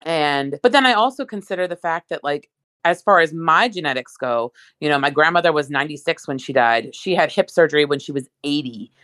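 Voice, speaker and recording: A woman's voice: low voice, a little fast, a bit bright, no echo. A woman talking in casual chat, rambling with lots of asides.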